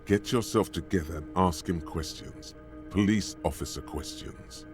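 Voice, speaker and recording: An actor voicing the mocking inner voice of a troubled detective in a video game, blunt and dramatic. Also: male voice, low voice, normal speed, over music, lightly acted. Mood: taunting.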